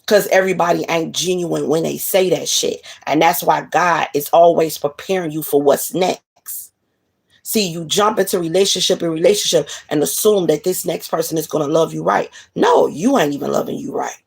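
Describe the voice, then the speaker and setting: A woman's voice: low voice, normal speed, vocal fry, breathy edge. A woman delivering a blunt, profane monologue of relationship advice in a casual, preachy way. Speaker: spiritual reader.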